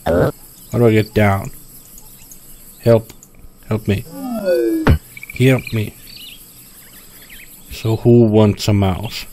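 With a noisy background, a man provides let's play commentary on his own game, frustrated, swearing often, and talking to himself. His fairly low voice barely changes pitch, and he speaks extremely slowly with long pauses.

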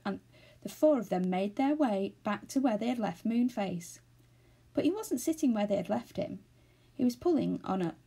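A woman reads a children's storybook aloud in a steady, expressive way. Her voice is dark and mellow, slightly husky, with a gravelly edge. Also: fairly high pitch. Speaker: reader of a children's novel.

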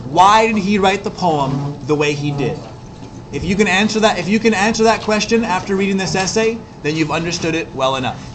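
High-voiced man lecturing a class. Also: noisy background. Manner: explains quickly, repeats himself, counts beats aloud. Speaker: English teacher.

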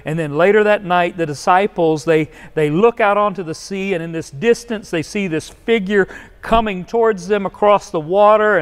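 Male pastor, high voice, conversational sermon, long hall echo. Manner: conversational preaching with many restarts and acted-out quotes. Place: church sanctuary.

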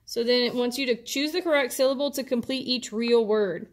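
A woman's voice: on the high side, a little fast. A woman teacher, patiently explaining a worksheet step by step to her students. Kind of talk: classroom instruction video.

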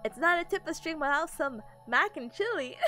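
A woman's voice: sits high, lively intonation, normal speed, pushed and bright, faint music behind. A sleepy woman streamer chatting casually with her viewers, giggling often and greeting people in chat.

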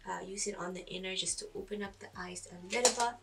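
A woman's voice: on the low side, flat delivery, quick pace, creaky, recorded from a distance, heavy background noise. A woman giving a casual makeup tutorial, chatting, thinking aloud and poking fun at herself as she goes. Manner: chatty, self-deprecating, thinks aloud with fillers. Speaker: beauty vlogger.

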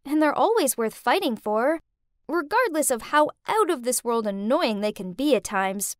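A woman narrating an animated story in the first person with heartfelt, emotional storytelling. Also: sits high, normal speed, no room sound, studio quality.

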